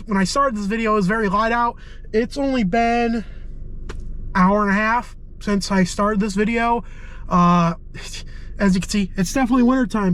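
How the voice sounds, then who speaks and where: A man's voice: high-pitched, fairly bright tone, low-quality recording. A man, a volunteer firefighter, talking casually to his viewers while out of breath and sick, rambling with many fillers, outdoors and later in his car. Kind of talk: casual vlog talk. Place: outdoors on a march, later inside a parked car.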